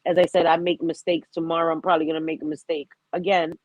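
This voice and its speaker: A woman's voice: low-pitched, little pitch movement, fast, dry recording, dull audio. A woman hosting a live stream, talking heartfelt and rambling about grief, with a stuffy nose and frequent laughter. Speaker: livestream host. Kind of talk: emotional live-stream chat.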